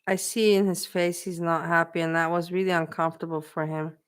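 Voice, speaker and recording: A woman's voice: on the low side, flat delivery, a little fast, clean tone. Emotional woman chatting on a livestream. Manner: emotional, repetitive, talks to her chat. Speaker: livestream host. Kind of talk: casual livestream chat.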